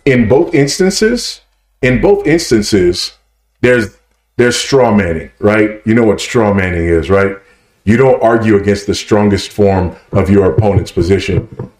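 A man's voice: on the low side, a little mellow. A man speaking at a conference Q&A, teaching emphatically and often checking with "right?". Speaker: conference speaker answering questions. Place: conference hall. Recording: echoey hall.

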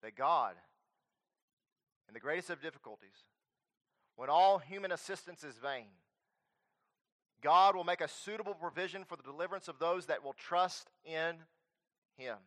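A male preacher delivering a sermon, swinging between loud emphatic declarations and quiet earnest appeals. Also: a little high, normal speed, pauses often.

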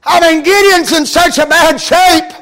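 A man preaching a fervent sermon, rising into shouts, with frequent fillers. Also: very high voice, steady tone, unhurried.

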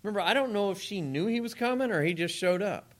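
Male preacher, lively swooping delivery, slightly high voice, conversational sermon. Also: fast. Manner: conversational, animated preaching with asides to the congregation.

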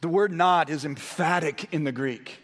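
Male pastor, sermon delivery, higher voice, hushed-to-excited swings, long hall echo. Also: normal speed. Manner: swings between hushed, low storytelling and raised, excited emphasis.

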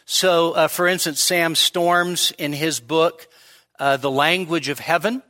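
A man's voice: fairly high pitch, fairly even intonation, slow pace, pushed and bright. A male pastor giving a midweek teaching sermon, explaining step by step and often checking in with his listeners.

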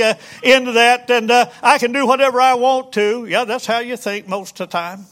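High, bright-voiced preacher man. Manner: folksy, halting, many fillers and restarts. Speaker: pastor. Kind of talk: sermon.

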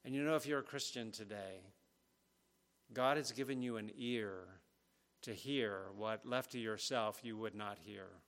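A man's voice: on the low side, a little slow, a bit bright. A man preaching an expository sermon, earnest and emphatic, leaning hard on key phrases.

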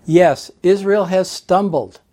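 A man preaching a sermon, teaching slowly and deliberately through Bible passages. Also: high-pitched, warm tone. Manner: slow, deliberate Bible teaching with scripture readings.

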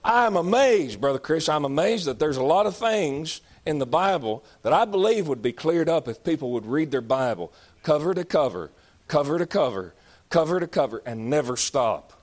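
A man preaching a sermon, swinging between loud, drawn-out exhortations and low, conversational asides. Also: big pitch swings. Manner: rising to shouted exhortation, then dropping low and conversational.

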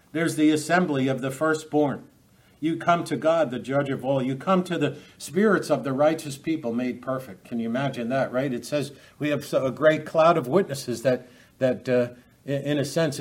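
A man's voice: medium pitch, a little mellow. A man preaching an expository sermon, talking unscripted with frequent restarts and rhetorical questions to his listeners.

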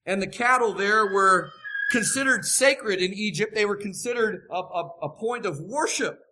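A man's voice: sits high, moderate pace, noisy background. A man preaching a sermon, emphatic and repeating his key phrases for weight.

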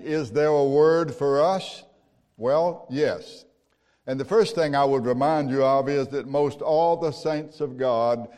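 A man's voice: mid-range voice, a little mellow. A man preaching a sermon, telling stories in a folksy, conversational way with rhetorical questions. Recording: long hall reverb.

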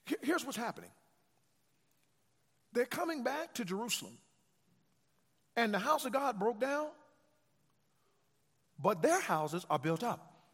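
Preaching in a church sanctuary, a man with an extremely high, fairly bright, slightly rough voice takes his time, with long pauses and big pitch swings. He has the congregation echo his emphatic, repetitive call-and-response lines during the sermon, and the hall's long reverb carries every word.

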